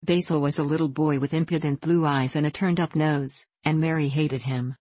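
An audiobook narrator reading a classic children's novel in a measured, even way. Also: mid-range voice, no room sound. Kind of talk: scripted narration.

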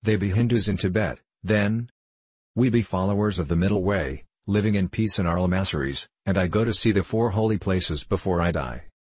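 A man voicing an old gentle lama, formal. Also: sits low, breathy edge, dry recording. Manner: slow, formal, archaic speech.

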